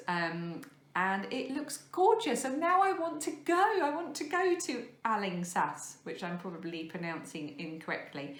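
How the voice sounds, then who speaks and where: A woman's voice: mid-range voice, normal speed, a bit bright. A woman in her thirties hosting a craft podcast, chatting casually and rambling with lots of fillers and self-deprecating asides. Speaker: podcast host. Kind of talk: casual chat showing crafts to camera. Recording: echoey room.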